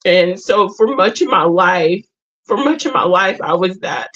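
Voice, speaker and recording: Halting, emotional woman on muffled audio. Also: mid-range voice, lively intonation, fairly bright tone. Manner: halting, repeats and restarts phrases. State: tearful at times. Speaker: host. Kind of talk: emotional personal sharing in a live group talk.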